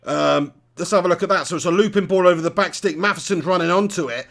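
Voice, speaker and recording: A man hosting a live football watch-along, commentating as a fan, excitable and swearing, often laughing at his own jokes. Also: sits high, fast talker, vocal fry.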